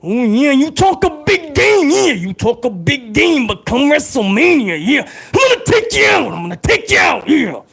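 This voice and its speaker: A man doing an impression of a boastful male pro wrestler, taunting and trash-talking, with drawn-out "oh yeah" interjections. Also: very high voice, big pitch swings, creaky, fairly bright tone, shouting, pitched above the performer's own voice, heavily acted.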